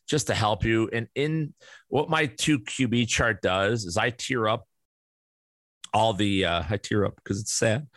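Male podcaster, mid-pitched and forceful, ranting bluntly with profanity on a dry close mic. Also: dry recording. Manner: blunt and profane, with many restarts and fillers. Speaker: podcast host. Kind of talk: casual solo podcast rant.

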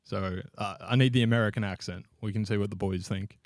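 A man's voice: lowish voice, steady tone, fairly quick, dry recording, clean studio sound. An Australian man co-hosting a podcast, telling rambling jokes and laughing often in casual chat. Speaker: podcast co-host.

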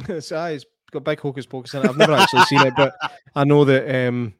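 A Scottish man in casual podcast chat who keeps stopping and restarting his sentences, earnest in tone. His pitch is ordinary and middling. The recording is close and dry. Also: dry recording. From Scotland. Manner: halting, many restarts, earnest. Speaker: podcast co-host.

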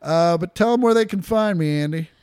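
A man's voice: high voice, fairly quick, darkish tone, smooth, no echo, clean studio sound. A man co-hosting a podcast in a casual, joking and crude manner. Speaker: podcast co-host. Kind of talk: casual chat.

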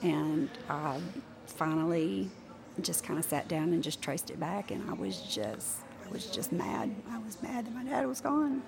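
A woman's voice: fairly low pitch, lively intonation, measured pace, creaky, a crowd in the background. A woman talking openly and emphatically about her anger in a candid conversation about grief, repeating her points. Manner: open, emphatic, repeats herself. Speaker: guest.

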